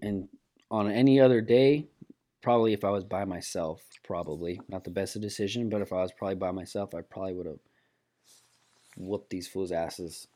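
A man with a low voice tells a road story in a loose, profane way, slipping into the voices of the people in it. His speech swings between loud bursts and quiet asides. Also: normal speed. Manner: profane, animated storyteller acting out quotes. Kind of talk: casual chat, storytelling.

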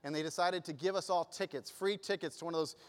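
A middle-aged man preaching to a church, telling a personal story with lively swings between quiet and loud. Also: on the high side, fast, long reverb tail. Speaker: pastor. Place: church sanctuary.

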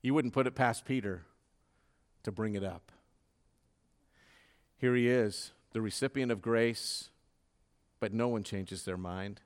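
A man preaching a sermon with fervor, dropping to a hush and then rising to loud, dramatic peaks. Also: fairly low pitch, a little slow, pauses often. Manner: dramatic preaching, swinging from hushed to loud, fervent.

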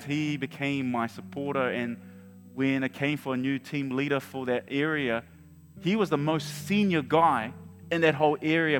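A man in his forties preaching a sermon, telling a personal story in an animated way with chuckles and restarts. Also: medium pitch. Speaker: pastor. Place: large church hall. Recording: long hall reverb with faint guitar.

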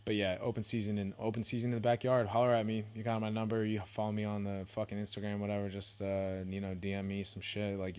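Rambling, swearing podcast guy, lowish voice. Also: fairly even intonation, quick pace, darkish tone. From San Francisco Bay Area. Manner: rambling, heavy swearing, self-deprecating, laid-back slang. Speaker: podcast host. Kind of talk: casual solo podcast rambling.

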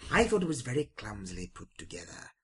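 A man putting on a sinister horror-film host voice to dramatically read out a male listener's email, with a deep, theatrical drawl. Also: huge pitch swings, quick pace, fairly bright tone, slightly rough, heavily acted.

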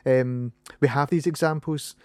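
Scottish man in his thirties, halting. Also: mid-range voice, fairly even intonation, a little mellow, no room sound. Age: 30s. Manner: halting, many restarts. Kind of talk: casual conversation.

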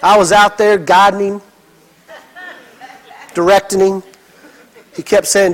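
High-voiced animated male pastor. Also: measured pace, pauses often, rough recording. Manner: animated storytelling with acted quotes. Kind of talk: sermon.

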